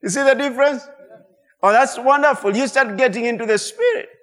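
A male pastor preaching a sermon, animated, swinging between loud cries and low asides, mimicking prayers and tongues aloud. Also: brisk, big-room sound.

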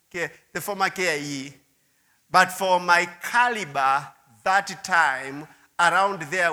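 Bright-voiced preacher in echoing hall. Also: male voice, on the high side. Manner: storytelling, repeats words, asides to audience. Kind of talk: sermon testimony. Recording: long hall reverb.

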